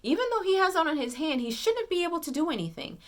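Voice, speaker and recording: A woman giving a casual spoiler movie recap, retelling scenes excitedly with lots of fillers and restarts. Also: very high voice, fast talker. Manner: excited retelling, acts out characters' lines. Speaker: movie reviewer.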